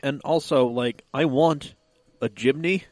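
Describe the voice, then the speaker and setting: A man's voice: medium pitch, unhurried, dry recording. A man co-hosting a casual car podcast, who is laid-back and self-mocking and laughs often. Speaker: podcast co-host.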